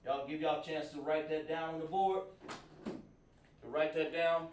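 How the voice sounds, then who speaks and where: A man's voice: a little high, steady tone, a little slow, background noise. A man teaching a class at a board, explaining word by word with many fillers and repetitions. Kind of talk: classroom lesson. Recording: echoey room from far off.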